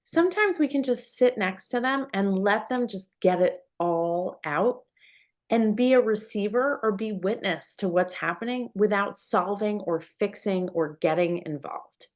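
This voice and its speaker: A woman, a puberty educator, giving parenting advice in an animated, conversational way. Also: medium pitch, unhurried. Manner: animated, acts out everyday scenes. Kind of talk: parenting talk.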